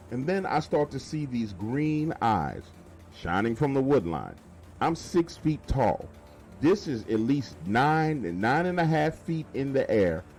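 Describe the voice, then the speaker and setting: A man narrating a first-person scary story in a colloquial, emphatic, animated way. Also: medium pitch.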